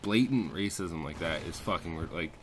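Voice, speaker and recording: A man's voice: low voice, expressive, moderate pace. A young man telling a story over gameplay, swearing and ranting in a casual way. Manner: profane, ranting. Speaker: landscaping crew leader.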